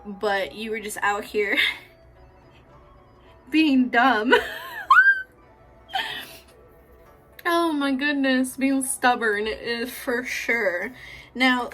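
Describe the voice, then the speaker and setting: A woman's voice: a little high, fairly bright tone. A woman giving a casual pick-a-card tarot reading, chatty, affectionate and freely profane, often laughing. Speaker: tarot reader.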